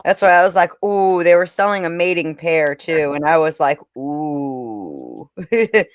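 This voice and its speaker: A woman's voice: sits low, animated, unhurried, no room sound. A woman in casual chat who laughs often while she talks.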